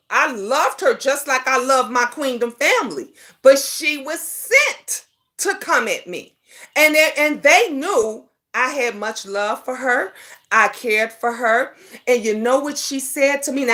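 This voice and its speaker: A middle-aged woman hosts a casual livestream chat. Her voice sits high and bright, swinging widely in pitch. She talks with sass, breaking into loud outbursts as she calls out to her viewers. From Chicago. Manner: animated, sassy, greets chat viewers, outbursts. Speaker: livestream talk show host. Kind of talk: casual live chat talk.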